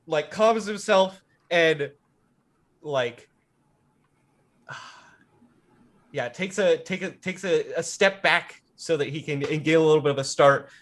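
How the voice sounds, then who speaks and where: This is a man with a notably high voice playing a tabletop game. He narrates his character's moves slowly and hesitantly, as if thinking aloud. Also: fairly bright tone. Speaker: player.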